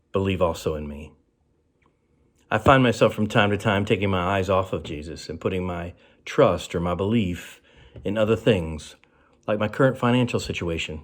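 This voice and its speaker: Earnest low-voiced male pastor. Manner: earnest, conversational, drops to a soft low voice on key phrases. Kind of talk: short devotional sermon.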